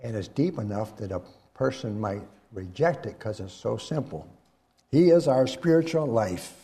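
A man preaching a sermon, swinging from loud emphatic lines to hushed low ones and asking listeners to fill in the words. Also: animated, normal speed. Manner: asks the congregation to fill in words.

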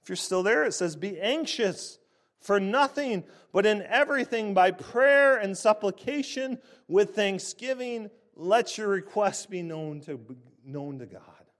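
High-voiced man preaching a slow sermon. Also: expressive, fairly bright tone. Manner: emphatic, deliberate preaching with stressed words.

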